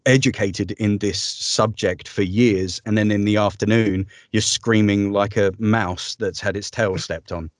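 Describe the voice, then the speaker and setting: A man's voice: fairly low pitch, steady tone, a little slow, few pauses, no room sound, studio quality. A man, a voice-over artist, chatting upbeat in an interview with frequent ums and laughs. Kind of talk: casual interview conversation.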